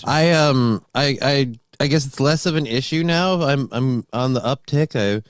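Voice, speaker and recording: A man co-hosting a casual morning talk show, teasing his partner in a halting, dry way. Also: medium pitch, smooth, dry recording. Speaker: co-host.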